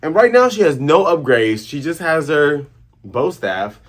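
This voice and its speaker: A man's voice: fairly high pitch, very animated, measured pace. A man hosting a casual comic chapter review, rambling through the recap and correcting himself as he goes. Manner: rambling, laughs at own voices, self-corrects. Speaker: manga review host.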